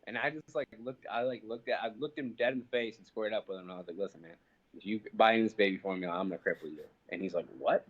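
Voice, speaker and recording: A young man with a fairly low voice tells a heated story, cursing freely and tripping over his fillers. The audio is dull and lo-fi, like a call line. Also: fast talker. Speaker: interview guest, professional fighter. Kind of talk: casual phone interview.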